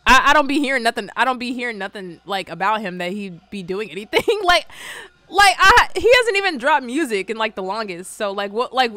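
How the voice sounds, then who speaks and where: A woman's voice: a little high, big pitch swings, brisk, sharp tone, no room sound. A woman host chatting casually as she reacts to memes, rambling in slang and laughing often. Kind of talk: casual meme-reaction chat.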